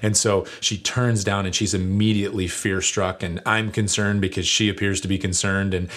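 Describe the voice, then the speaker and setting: A man who is a lead pastor, telling a story in a relaxed, chatty sermon with many fillers. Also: sits low, moderate pace.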